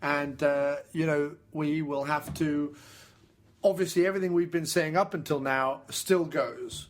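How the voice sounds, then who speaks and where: A man co-hosting a casual film podcast, talking enthusiastically with lots of "uh" fillers and repeated pleas. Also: on the high side. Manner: enthusiastic, pleading, frequent fillers. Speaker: podcast co-host.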